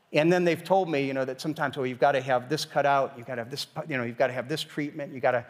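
Man, pastor, conversational sermon, emphatic rising questions, high voice, long reverb.

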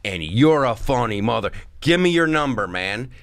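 A man's voice: medium pitch, expressive, normal speed, no room sound, studio quality, natural voice. A man doing a brash, eager comic star.

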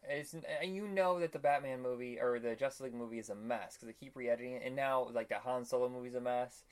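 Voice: mid-range voice, fast. A podcast co-host in casual chat, opinionated, swearing freely and acting out jokes in put-on voices.

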